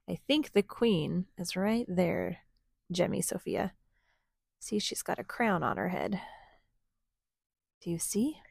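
A woman at home reading a storybook aloud to her children, pausing to ask them gentle questions. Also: lowish voice, lively intonation, vocal fry, slightly rough, no room sound.

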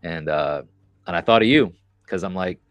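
Deep-voiced rambling podcast host. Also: male voice, normal speed, a bit bright, no room sound. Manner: rambling storyteller, many fillers. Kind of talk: casual conversation.

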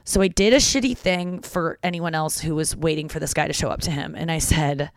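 A woman hosting a podcast, telling a story in a lively, rambling way full of "like" fillers. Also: low voice, a little fast, few pauses, no echo, clean studio sound. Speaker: podcast host. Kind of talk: casual comedic storytelling.

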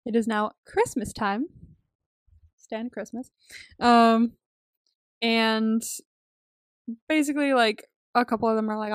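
A woman's voice: a little high, steady tone, unhurried, pauses often, fairly bright tone, clean tone, no echo, clean studio sound. A young woman co-hosting a casual movie recap podcast, chatty and full of fillers, laughing often. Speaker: podcast co-host.

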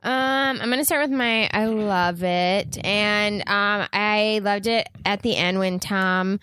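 A woman co-hosting a podcast, chatting casually with frequent pauses and "um"s. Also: mid-range voice, slight background noise. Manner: relaxed, with frequent "um"s. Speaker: podcast co-host. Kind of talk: casual chat.

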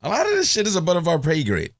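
Animated sarcastic man ranting. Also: on the high side, fast talker, creaky, no room sound, clean studio sound. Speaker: podcast host. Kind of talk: casual ranting monologue.

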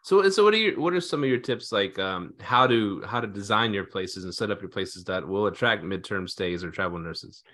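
A man's voice: on the low side, expressive, normal speed, few pauses, a bit bright. A man hosting a casual podcast chat, laid-back and joking as he asks questions. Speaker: podcast host.

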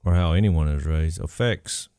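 A middle-aged co-host telling stories in a casual chat with an animated delivery. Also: male voice, extremely low pitch, normal speed, no room sound, clean studio sound. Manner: animated storyteller who laughs easily.

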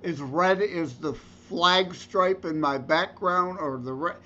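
A man's voice: on the high side, slow, pushed and bright, muffled recording, slight background noise. A man co-hosting a podcast in joking, casual banter, teasing the host.

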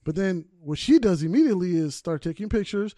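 A young man hosting a loose, casual podcast. He teases his co-hosts and puts blunt questions to them. His voice is high yet mellow, and the recording is dry and close. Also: expressive, brisk, dry recording. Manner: joking, teasing, blunt.

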